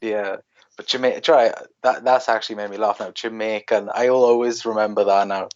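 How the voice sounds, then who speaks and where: A man with a Welsh accent from South Wales, co-hosting a casual chat and giving quick opinions with lots of "like". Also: fairly low pitch, fairly even intonation, lo-fi sound. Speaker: co-host.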